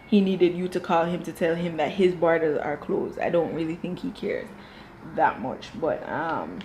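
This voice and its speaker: A woman's voice: sits low, normal speed, slight background noise. Chatty woman reviewing a reality show. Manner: animated, jumping into quoted voices. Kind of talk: casual reaction commentary.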